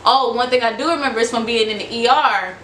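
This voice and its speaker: A woman's voice: fairly high pitch, quick pace, a bit bright. A woman in her twenties telling a casual storytime vlog, rambling with many fillers and acting out quoted exchanges. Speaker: vlogger. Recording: echoey room with faint background noise.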